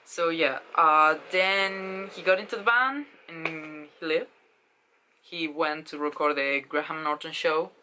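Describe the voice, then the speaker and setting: Young woman vlogging, low voice but bright and sharp, gushy and excited, swears a lot. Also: a little slow, a little hiss or hum, low-quality recording. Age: 20s. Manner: excited, gushing, swears, many fillers. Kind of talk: casual storytelling vlog.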